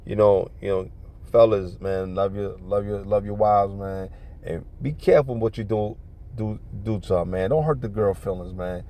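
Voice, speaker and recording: Gravelly streetwise man preaching. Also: on the low side, moderate pace, mellow. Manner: profane, streetwise, fills talk with "man" and "you know what I'm saying"; earnest religious exhortation. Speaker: vlogger giving life advice. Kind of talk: casual storytelling and preaching.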